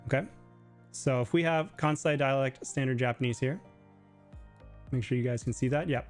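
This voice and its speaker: A man's voice: medium pitch, moderate pace, faint music behind. A man hosting a casual live Q&A stream, explaining Japanese in a chatty way full of filler words. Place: living in Japan.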